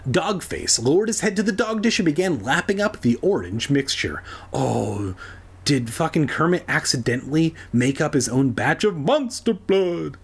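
Male reader, husky and animated, storybook narration with crude off-script asides. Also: a little high, moderate pace. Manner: irreverent, swears in offhand asides. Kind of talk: casual storybook reading with asides. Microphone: home recording, edited later.

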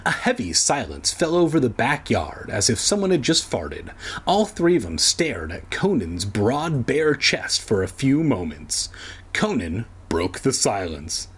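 Male comedy host, husky voice, animated sarcastic read-aloud with crude asides. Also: medium pitch, measured pace. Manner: sarcastic, swears in asides, breaks off to laugh. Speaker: podcast host reading a kids' book aloud.

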